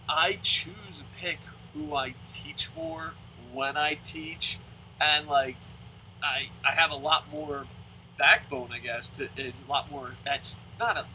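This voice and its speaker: A man's voice: fairly high pitch, bright, forceful tone, slight background noise. A man hosting his own channel, talking casually and rambling with frequent stammers and restarts. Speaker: channel host. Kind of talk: casual monologue.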